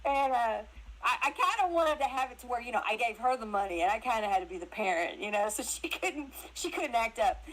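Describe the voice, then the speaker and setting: A woman guest telling casual stories in an animated way, laughing often and acting out other people's voices. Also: a little high, a little fast, low-quality recording. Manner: animated, laughs often, acts out her mother's voice. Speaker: interview guest. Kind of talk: casual storytelling chat.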